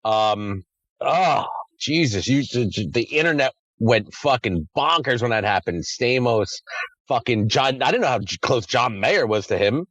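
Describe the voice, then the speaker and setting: A man's voice: medium pitch, animated, a little slow, fairly bright tone, no room sound, muffled recording. A man hosting a podcast in a casual chat, rambling and swearing freely. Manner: crude, profane, rambling. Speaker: podcast host.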